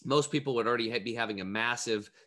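A man talking as a health coach, telling animated stories in casual chat and acting out the voices he quotes. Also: medium pitch, fast talker.

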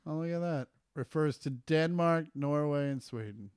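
High-voiced man joking on a podcast. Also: normal speed, darkish tone, clean tone, no room sound, clean studio sound. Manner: jokey, loose and profane, reading listener mail aloud. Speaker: podcast co-host. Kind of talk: casual podcast chat.

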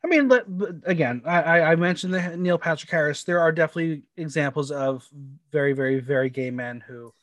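A man co-hosting a casual chat, talking quickly and stumbling into restarts. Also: a little high, a bit bright, no echo. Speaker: podcast co-host.

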